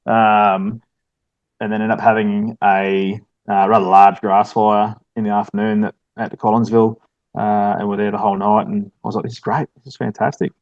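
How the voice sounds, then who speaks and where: A man's voice: fairly low pitch, monotone, normal speed, no room sound, muffled recording. A man with an Australian accent, a firefighter, telling stories casually in an interview with plenty of ums and mates. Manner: laid-back, storytelling with lots of ums and mates. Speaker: firefighter station officer, guest.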